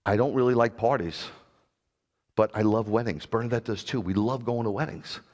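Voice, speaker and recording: A middle-aged man preaching a sermon as pastor, animated and jokey, with sudden loud bursts. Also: fairly low pitch, moderate pace.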